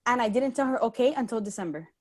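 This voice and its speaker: A woman's voice: fairly high pitch, lively intonation, fast talker, a little mellow. A woman on a team call telling a candid personal story, acting out the voices she quotes. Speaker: team member.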